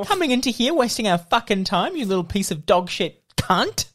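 A man's voice: high voice, big pitch swings, normal speed, a bit bright, exaggerated voice. A man playing a brash, short-tempered businesswoman judge who swears and barks demands. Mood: furious. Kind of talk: improvised comedy sketch.

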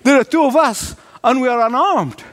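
A man's voice: extremely high pitch, moderate pace, a bit bright, voice pushed up. A man voicing a frightened young male servant who exclaims urgently and repeats himself. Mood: incredulous.

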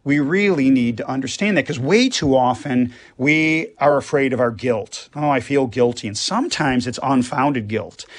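A man's voice: mid-range voice, lively intonation, moderate pace, few pauses. A man, a priest, talking earnestly on a radio show and explaining with everyday examples. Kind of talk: radio conversation.

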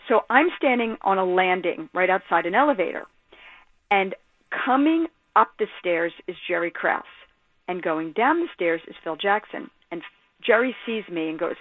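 Woman guest on a phone line, animated and emphatic storyteller, dry tinny sound. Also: medium pitch, moderate pace, no echo. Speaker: sports journalist guest. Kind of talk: phone-in radio interview.

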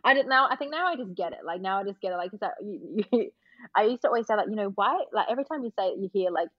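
Brief: husky woman, rapid chatty podcast guest, laughing storyteller, muffled dry recording. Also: medium pitch, no room sound. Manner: laughing, animated, swears casually. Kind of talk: casual chat, storytelling. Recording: dull lo-fi dry sound.

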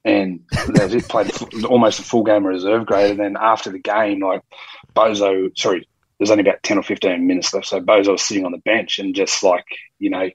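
A man's voice: fairly low pitch, flat delivery, fairly quick, slightly rough, dry recording, rough recording. An Australian man in his early forties, a former footballer, telling stories in a rambling, casual way full of quoted dialogue. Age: early 40s. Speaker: former rugby league player, guest. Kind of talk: casual storytelling.

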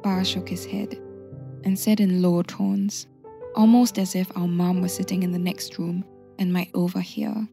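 A woman narrating a scripted family story in a reflective, gentle way. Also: lowish voice, level tone, unhurried, vocal fry, soft background music.

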